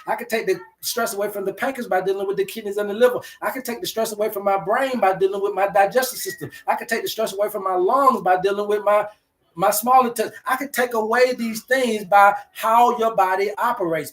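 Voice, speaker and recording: Male host, higher voice; preachy, repetitive livestream teacher addressing viewers. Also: fairly bright tone. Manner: preachy, repetitive, slangy, talks to chat.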